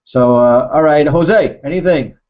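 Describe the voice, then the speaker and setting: Brief: male host moderating a call, slightly high pitch, dull call sound. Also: unhurried. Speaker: hangout host. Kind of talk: casual moderating. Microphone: video call. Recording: dull lo-fi video call audio.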